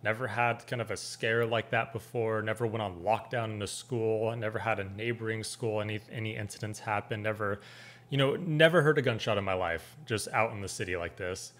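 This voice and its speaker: A young man talking through a reaction video in a relaxed, rambling way. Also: lowish voice, fairly quick. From California. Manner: easygoing, rambling, repeats words. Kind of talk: casual commentary.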